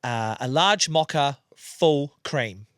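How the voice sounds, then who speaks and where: A man's voice: medium pitch, expressive, takes it slowly, fairly bright tone, no echo, clean studio sound. Playful New male co-host. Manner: playful, laughs often. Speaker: podcast co-host. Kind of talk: casual chat.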